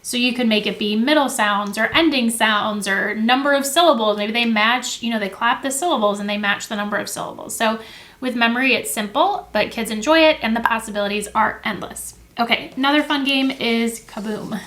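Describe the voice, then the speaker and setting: A young woman teacher with a slightly high voice explains classroom activities to camera. She talks in a casual, friendly way, with plenty of fillers and quick self-corrections. She sounds close to the camera, seated at a table indoors. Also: fairly bright tone. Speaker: teacher and education video host.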